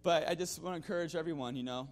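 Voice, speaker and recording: A man's voice: on the high side, racing. A man giving a spoken testimony to his congregation in a loose, conversational way, full of "you know" fillers, restarts and the odd chuckle. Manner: chuckles now and then. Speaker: church member giving a mission-trip testimony.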